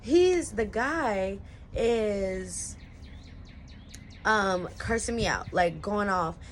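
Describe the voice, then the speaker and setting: A woman's voice: medium pitch, lively intonation, extremely slow, slight background noise. A young woman telling a personal story in a casual, slangy style, full of "like" and "you know what I'm saying.". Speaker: storyteller vlogger.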